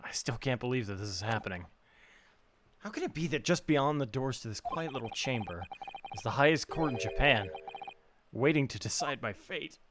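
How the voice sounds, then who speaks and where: A man's voice: medium pitch, lively intonation, normal speed, noisy background, close to an everyday voice. A man reading as an anxious young defendant. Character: anxious young man awaiting his trial.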